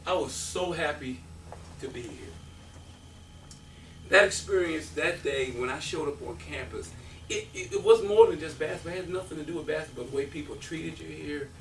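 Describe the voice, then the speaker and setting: A man in his fifties, a former college basketball player, giving an animated storytelling speech at a breakfast event, acting out quotes and laughing often. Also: on the high side, moderate pace, gravelly, noisy background. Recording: roomy, from a distance.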